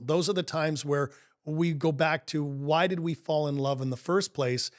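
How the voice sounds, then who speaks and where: A middle-aged man co-hosting a relationship coaching podcast, his voice sitting a little higher than most men's. He tells stories with upbeat emphasis and a casual, conversational flow. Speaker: co-host, life coach.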